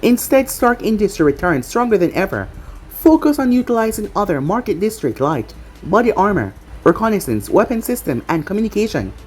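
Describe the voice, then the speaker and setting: A woman narrating a story aloud in a plain, steady reading style. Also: mid-range voice, fairly quick, slightly rough, soft background music. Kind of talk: storybook narration of fan fiction.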